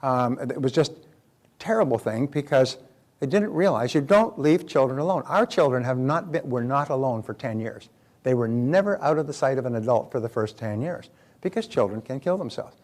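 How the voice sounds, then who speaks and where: A man's voice: medium pitch, expressive, normal speed, a little mellow. An older man giving a motivational seminar talk who often repeats and restarts words and acts out the voices he quotes. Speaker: motivational speaker.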